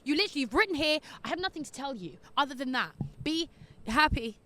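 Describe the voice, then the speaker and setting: A woman's voice: sits high, big pitch swings, racing, fairly bright tone, slight background noise. Sassy young woman giving advice. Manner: cheeky, sassy, laughs often. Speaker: podcast host giving advice. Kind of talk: casual agony-aunt chat reading letters. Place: outdoors in windy streets.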